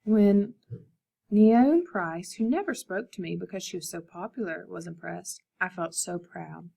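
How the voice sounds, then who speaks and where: A woman art teacher reading a picture book aloud to her students, expressive and speaking to them directly. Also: fairly low pitch, measured pace, creaky.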